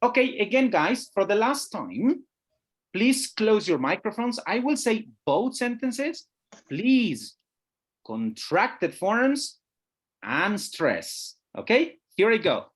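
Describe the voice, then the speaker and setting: Webinar teacher trainer, animated pitch, video call mic, keeps checking understanding. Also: slow, husky. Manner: patient, checks understanding, often says "guys".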